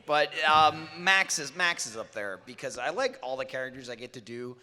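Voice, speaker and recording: Man voice actor, loose jokey panel talk, very bright tone, echoey hall. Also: medium pitch, lively intonation, normal speed. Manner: loose, joking, full of fillers. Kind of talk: convention panel chat.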